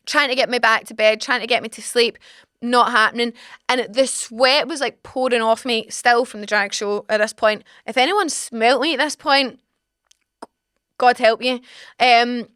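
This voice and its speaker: Young Scottish woman, podcast host, lively and frank teller, slightly high, very dry close studio mic. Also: normal speed, clear, resonant tone, dry recording. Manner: animated, dramatic, swearing, frank. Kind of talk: casual storytelling.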